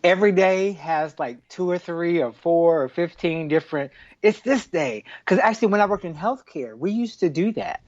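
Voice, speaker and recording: A man's voice: a little high, expressive, moderate pace, a little mellow, no echo, highs cut off. A man co-hosting a podcast in casual chat, telling joking stories and laughing often. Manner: chatty, joking storyteller who laughs often. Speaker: podcast co-host.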